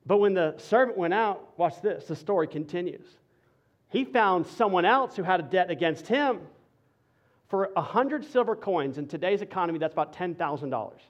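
A man with a high-pitched voice preaches a sermon, talking to the room in a casual, conversational way that swings between punchy emphasis and a hushed, earnest tone. The recording sounds a little dull and lo-fi. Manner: energetic and conversational, dropping to soft intensity. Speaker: pastor.

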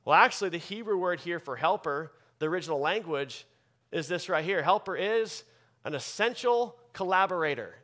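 A man pastor delivering a sermon with emphatic preaching that swings from loud bursts to quiet asides. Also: high-pitched, expressive, moderate pace.

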